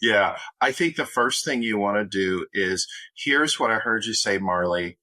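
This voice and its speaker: A man who is a motivational speaker and author, a guest giving coaching advice in an upbeat, instructive way and laying it out in clear steps. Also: lowish voice, expressive, measured pace, pushed and bright, no echo.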